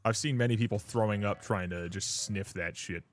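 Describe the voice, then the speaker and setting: A man's voice: fairly low pitch, moderate pace. A man chatting loosely on a live stream. He swears freely, laughs often and keeps calling people dude and brother. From Canada. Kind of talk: casual live-stream chat.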